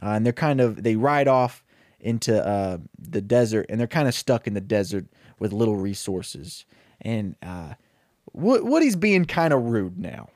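A young man casually pitching a comedic story, rambling and acting out the characters' lines. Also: sing-song, measured pace, darkish tone, dry recording, studio quality.

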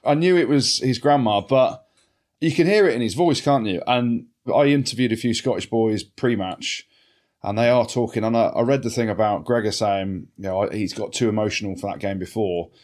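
An English man co-hosting a sports podcast, animated and swearing freely in casual banter. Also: on the low side, moderate pace. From England. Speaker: podcast co-host.

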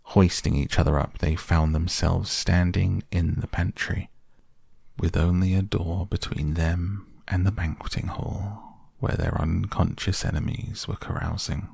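A man reads a classic children's book softly for sleep, slow and even. His voice is deep with a gravelly fry. The recording is close and dry. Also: dry recording. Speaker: storyteller. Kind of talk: soft bedtime audiobook reading.

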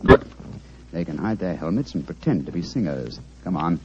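An actor playing Sherlock Holmes, a brisk, commanding male detective, in a 1940s radio play with a dull, hissy old recording. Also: deep voice, expressive. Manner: crisp, commanding, plans aloud.

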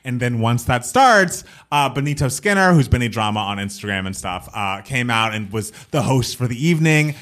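A man's voice: medium pitch, animated, normal speed, few pauses, a bit bright. A man co-hosting a podcast, recapping an event in an upbeat, conversational way. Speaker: podcast co-host. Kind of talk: casual chat.

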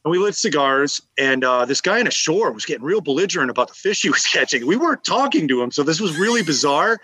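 A man's voice: fairly high pitch, quick pace, breathy edge, dry recording. A man who is a guest on a casual podcast, telling fishing stories and laughing a lot. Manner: animated, laughing anecdote-teller. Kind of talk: casual chat.

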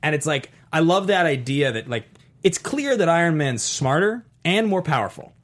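A man talking in a casual podcast chat, enthusiastic and rambling, full of fillers and quick laughs. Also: on the high side, expressive. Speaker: podcast co-host.

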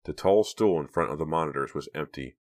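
A man reading an audiobook aloud as narrator, steady and measured. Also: very deep voice. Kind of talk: scripted narration.

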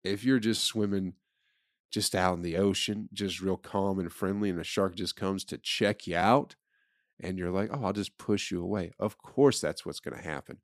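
A man's voice: low-pitched, normal speed, dry recording, studio quality. A man hosting a comedy podcast, talking casually in a rambling, profane riff. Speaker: podcast host.

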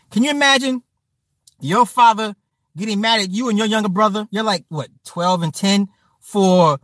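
A man in his forties spins a casual story for his live chat, swearing freely and repeating himself for effect. His voice sits high and the sound is dry and close. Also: no echo. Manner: profane, animated, repetitive slang. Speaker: streamer talking to chat.

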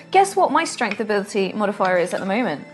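Brief: woman, tabletop player, bouncy and expressive, soft music in the background. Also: medium pitch. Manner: animated, laughing, quick asides. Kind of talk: casual tabletop game play.

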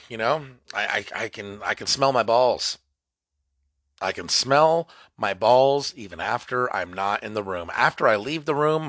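A young man hosting a comedy podcast, rambling through a solo monologue that swings from mock-dramatic outbursts to low mutters. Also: pushed and bright, no room sound, studio quality. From California. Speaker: podcast host.

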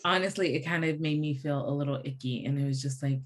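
A young adult woman co-hosting a casual book-club podcast, talking fast and chatty. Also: deep voice. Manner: fast, chatty, calls people "babes". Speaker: podcast co-host.

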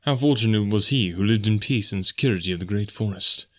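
Low-voiced male audiobook narrator. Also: brisk. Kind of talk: scripted story narration.

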